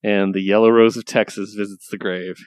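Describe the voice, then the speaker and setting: Easygoing low-voiced podcast guy. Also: flat delivery, brisk, clear, resonant tone, no room sound. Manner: loose and rambling, enthusiastic, swears casually. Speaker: podcast co-host reviewing comics. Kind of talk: casual chat.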